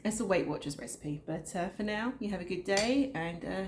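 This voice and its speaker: A woman's voice: medium pitch, lively intonation, fairly quick, background noise. A middle-aged woman giving a chatty cooking demonstration from her home kitchen, talking straight to the viewer. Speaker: cooking vlogger.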